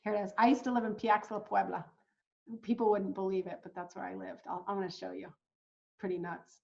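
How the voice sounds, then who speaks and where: A woman coaching new travel agents in a casual, excitable way, talking straight to viewers as "guys". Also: mid-range voice, fairly quick, gravelly, dull audio. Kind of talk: casual teaching while screen-sharing.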